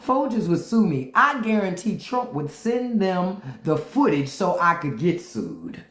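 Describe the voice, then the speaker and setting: Blunt cussing woman on a live stream, slow and animated, echoey room. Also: lowish voice. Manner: blunt, profane, reads out viewer comments. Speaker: livestream host. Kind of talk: casual livestream commentary.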